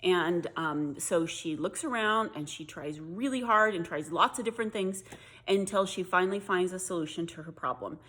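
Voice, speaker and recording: A middle-aged woman reading a children's picture book aloud, gentle and expressive. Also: lowish voice, moderate pace. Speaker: storyteller.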